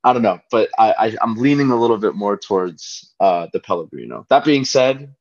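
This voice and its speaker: A man's voice: lowish voice, animated, a little fast, a little mellow. A man as a podcast guest, giving rambling, hedging opinions in casual chat. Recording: dull lo-fi podcast audio.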